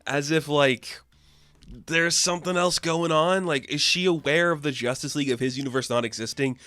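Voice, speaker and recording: A man's voice: on the high side, normal speed, pushed and bright, no room sound. A young man casually reviewing a comic book, rambling with lots of "like" and acting out the characters. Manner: rambling, frequent "like", acts out characters. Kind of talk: casual chat.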